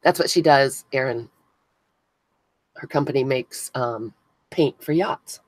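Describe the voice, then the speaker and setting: Speaking slowly in an extremely low voice, a woman runs a laid-back craft live stream, gluing buttons at her indoor table while chatting with viewers by name and thinking aloud. The recording is dry and poor.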